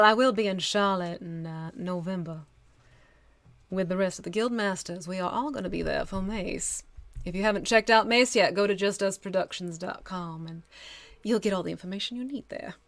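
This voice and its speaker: With a medium-pitched, fairly bright voice at normal speed and no echo, a woman from northwestern New Jersey chats casually on a live stream in her local accent. She demonstrates miniature painting, laughs easily, and thinks aloud while working.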